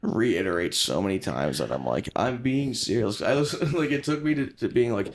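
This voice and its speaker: Low-voiced young man, jokey and profane. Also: lively intonation, brisk, hardly any pauses. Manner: swears a lot, jokey, acts out quotes. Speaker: podcast guest, comedian. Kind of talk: casual chat.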